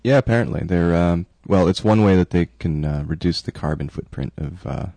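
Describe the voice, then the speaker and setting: Low-voiced man chatting on radio. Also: mellow, no echo. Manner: halting, many fillers and restarts, jokey. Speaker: radio show co-host. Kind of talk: casual radio chat, reading news stories. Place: radio studio.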